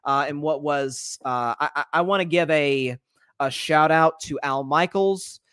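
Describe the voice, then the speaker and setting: A young man with a fairly high voice hosts a sports show in a chatty, animated way, often stopping and restarting his sentences. The sound is dry and close, with no room around it. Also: unhurried, clear, resonant tone, dry recording. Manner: animated, rambling, self-interrupting. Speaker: podcast host. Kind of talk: casual sports talk.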